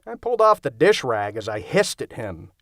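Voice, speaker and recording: Guy narrating a comedy audiobook, wry and chatty, super animated pitch, dead dry studio sound. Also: moderate pace, dry recording. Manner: wry, conversational storytelling. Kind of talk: scripted first-person narration.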